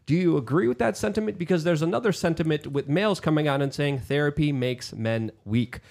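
Podcast host guy, bit higher voice, earnest questions, lots of restarts. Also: fairly quick, vocal fry, a little mellow. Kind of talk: casual podcast interview.

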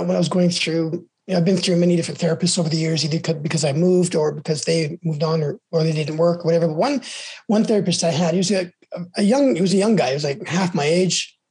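A very husky, breathy woman talks frankly and at length, looping back on herself with restarts. Her pitch sits slightly low for a woman. She sounds like a host in a candid conversation about recovery. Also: darkish tone. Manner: frank, rambling storytelling with many restarts.

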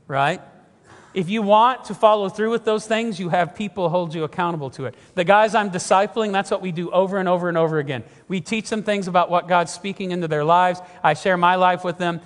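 High-voiced preacher in a reverberant hall. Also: male voice, fairly quick. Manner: earnest, emphatic preaching, often repeats himself. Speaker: pastor. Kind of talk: sermon.

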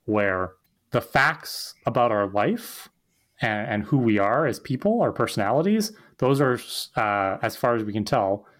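A man's voice: medium pitch, lively intonation, measured pace. A man co-hosting a podcast, explaining things in a loose, chatty way with lots of "like" fillers. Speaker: podcast co-host. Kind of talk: casual recap chat.

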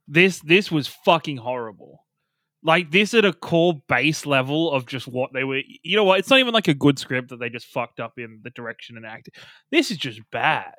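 A man's voice: medium pitch, pushed and bright, no room sound. A man co-hosting a casual podcast, ranting with constant swearing and exasperation. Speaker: podcast co-host. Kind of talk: casual podcast review chat.

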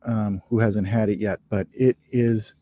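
Mellow-voiced man, dry close sound. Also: lowish voice, steady tone, unhurried, dry recording. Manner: playful, joking. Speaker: podcast co-host. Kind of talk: casual chat.

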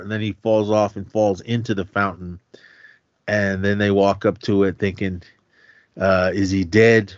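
A man's voice: on the low side, no room sound. A man co-hosting a podcast, casually recapping a film, rambling and restarting his sentences, often laughing and acting out lines. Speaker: podcast co-host. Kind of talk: casual movie recap chat. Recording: slightly dull dry podcast audio.

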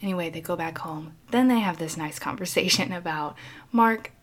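A woman retelling a film plot in casual chat, animated and acting out the characters. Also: lowish voice, moderate pace. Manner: animated storytelling, acting out voices.

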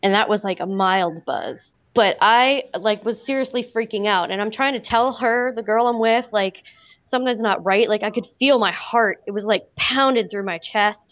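A woman's voice: medium pitch, normal speed. A woman casually telling a personal story, rambling with many "like" fillers. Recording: slightly dull lo-fi audio.

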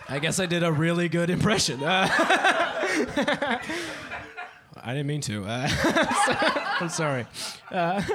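A man's voice: a little high, very noisy. A young man doing a stand-up comedy set on a club stage, swearing freely and laughing at his own jokes.

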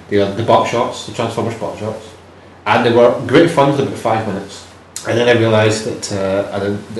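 A man co-hosting a podcast in casual chat, rambling, joking and swearing. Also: on the low side. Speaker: podcast co-host. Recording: roomy room with faint noise.

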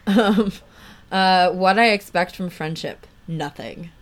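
A woman's voice: fairly low pitch, takes it slowly. A young woman co-hosting a podcast, reading out answers with profane, laughing remarks. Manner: profane, laughing, reads questionnaire answers aloud. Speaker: podcast co-host. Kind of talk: casual chat.

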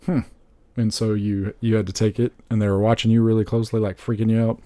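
A man, perhaps in his thirties, co-hosting a podcast in a casual, animated chat, joking and laughing often. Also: fairly low pitch, quick pace, no echo. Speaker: podcast co-host.

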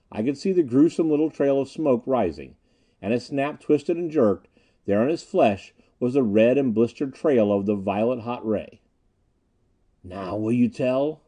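Deep-toned man narrating a dramatic story. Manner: expressive, dramatic reading. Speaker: audiobook narrator.

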